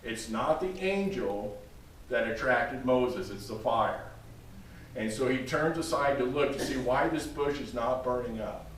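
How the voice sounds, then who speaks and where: Guy preaching to his church, talks right at folks, big echo, mic far off. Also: mid-range voice. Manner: emphatic, addresses congregation directly. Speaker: pastor. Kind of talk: sermon. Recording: very echoey room, distant mic, faint noise.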